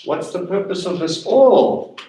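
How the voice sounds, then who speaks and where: A man teaching a congregation at a Passover meal. He talks in an animated way, asks many questions and slows down to stress key words. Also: sits high, slight background noise. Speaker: teacher leading a Passover Seder. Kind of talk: sermon-style teaching. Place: congregation hall. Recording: echoey room, voice from a distance.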